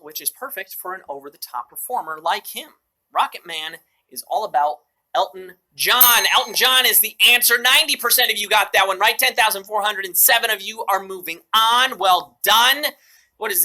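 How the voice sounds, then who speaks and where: A man's voice: high-pitched, bright, forceful tone. A man hosting a live mobile trivia game show, upbeat and joking with playful asides.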